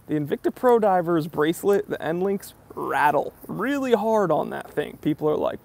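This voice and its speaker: Gravelly-voiced man ranting on a livestream. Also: fairly high pitch, a little fast, hardly any pauses. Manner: animated, mocking impressions of commenters. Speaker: live stream host. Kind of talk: casual livestream rant.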